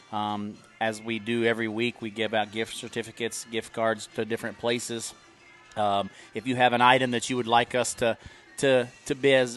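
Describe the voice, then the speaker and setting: A man's voice: medium pitch, fairly bright tone. A man co-hosting a local sports talk show, explaining sponsorships in a loose, rambling way with many fillers. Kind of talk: casual talk show chat.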